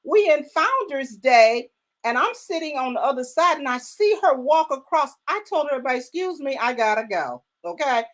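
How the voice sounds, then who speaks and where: A woman's voice: high voice, sing-song, normal speed, fairly bright tone. An older woman hosting her own live talk show, chatting casually and effusively, greeting viewers by name and repeating words for emphasis. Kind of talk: casual live-stream chat.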